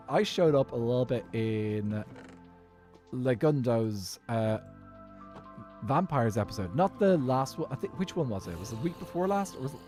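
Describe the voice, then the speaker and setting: Dublin-accented man, middle pitch, rambling casual streamer chat, halting with fillers, faint music bed. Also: a little mellow. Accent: Irish, Dublin. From Ireland.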